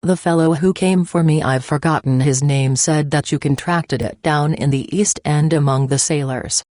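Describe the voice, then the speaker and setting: A woman reading the part of a cruel, gloating middle-aged male poisoner with a slow, taunting manner. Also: deep voice, a little mellow, dry recording, studio quality, close to an everyday voice.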